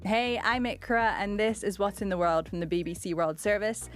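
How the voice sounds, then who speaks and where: A woman's voice: medium pitch, moderate pace, faint music behind. A woman hosting a podcast in casual, friendly, upbeat chat. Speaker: podcast host.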